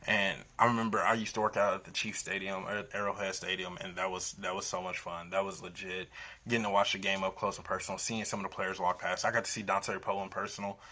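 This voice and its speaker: A man with a somewhat low voice and a hard, forceful edge gives a rambling, impassioned rant as a sports fan. He presses his points with emphasis and restarts his sentences often. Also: little pitch movement, fast talker.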